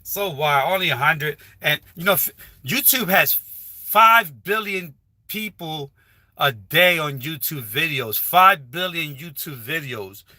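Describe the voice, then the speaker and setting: Man, high and bright-toned, rambling casual livestream advice, dry close phone sound. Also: expressive, takes it slowly, no room sound. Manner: rambling, repetitive, with frequent restarts. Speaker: livestreaming YouTuber. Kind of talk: casual live stream advice talk. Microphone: phone held while livestreaming.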